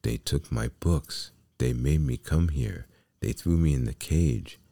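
A man's voice: a bass voice, a little slow, vocal fry, warm tone, dry recording, studio quality, full character voice. A man voicing a wooden puppet boy who is eager and keeps fibbing, in a raised, pleading boyish voice.

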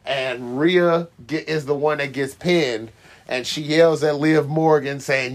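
A man's voice: mid-range voice, unhurried. A man hosting a casual wrestling podcast, talking emphatically and teasing his co-host.

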